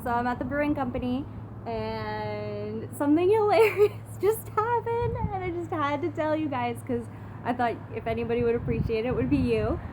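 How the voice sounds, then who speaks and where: A young woman with a high voice tells a story to her phone camera in a chatty, giggly vlog style, with lots of "like". She is recording outdoors, and loud traffic and street noise run under her voice. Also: normal speed. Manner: chatty, giggly, heavy use of "like". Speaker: vlogger. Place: outdoors outside a brewery. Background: passing cars.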